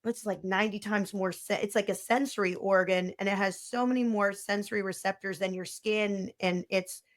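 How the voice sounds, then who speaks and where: A woman's voice: mid-range voice, steady tone, moderate pace. A woman dentist speaking as a podcast guest, rambling through technical points and trailing off mid-thought. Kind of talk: conversational interview.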